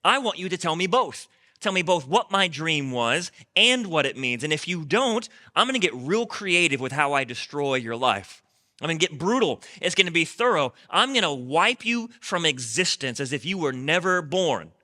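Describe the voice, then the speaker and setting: A man's voice: fairly high pitch, big pitch swings, normal speed, bright, forceful tone, in a large hall. A preacher voicing a furious, threatening tyrant king. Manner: blunt, menacing threats. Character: angry tyrant king, male adult, threatening.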